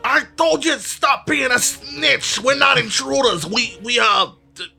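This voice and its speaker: A frantic old fighter shouts in a strained high voice, as a man puts him on. He sounds bright and forceful, with faint music running behind. It comes across as a scrappy tabletop-game character. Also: unhurried, vocal fry, heavily acted. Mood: yelling.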